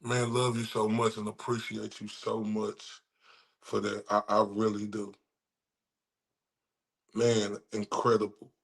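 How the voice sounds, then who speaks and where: A man's voice: on the low side, monotone, slow pace, vocal fry, pauses often. A man with a Southern US accent hosting a livestream, reacting to clips with hyped, crude trash talk. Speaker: livestream host. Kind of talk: casual reaction commentary.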